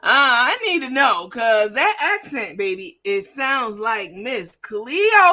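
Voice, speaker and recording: A brash woman hosting a livestream, swearing freely and addressing her viewers directly. Her voice sounds bright and sharp-edged. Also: a little high, very animated, very slow. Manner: brash and profane, talks straight to viewers. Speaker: livestream host. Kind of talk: casual livestream chat.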